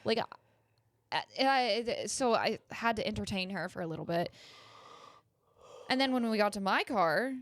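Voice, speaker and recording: Young woman co-host, lively swearing storyteller, casual chat, mid pitch, dry studio sound. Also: moderate pace, long pauses, dry recording. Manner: animated storyteller, acts out quotes, swears freely. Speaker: podcast co-host.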